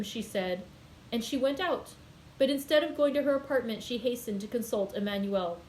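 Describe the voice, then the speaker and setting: A woman's voice: fairly high pitch, a little fast, a little mellow, slight background noise, poor audio. Woman reading a classic novel aloud. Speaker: librarian hosting a daily read-aloud.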